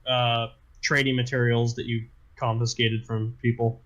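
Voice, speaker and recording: A man's voice: medium pitch, flat delivery, normal speed, fairly bright tone, muffled recording. A man narrating as game master, stumbling over his words with many fillers and restarts.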